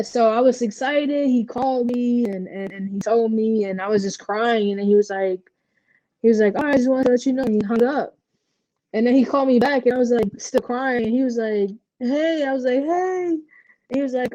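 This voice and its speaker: A woman's voice: fairly high pitch, moderate pace, lo-fi sound. A young woman from Puerto Rico, a professional basketball player, telling candid stories in a casual interview, full of fillers. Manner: candid, animated storytelling with many fillers.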